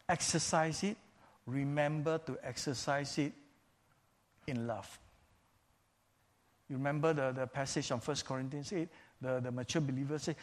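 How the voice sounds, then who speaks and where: Man, preacher, sermon, measured and emphatic, repeats key phrases, slightly higher voice.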